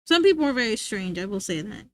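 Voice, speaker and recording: A woman's voice: medium pitch, sing-song, quick pace, dry recording. A young woman livestreamer chatting casually with her viewers, rambling and often giggling.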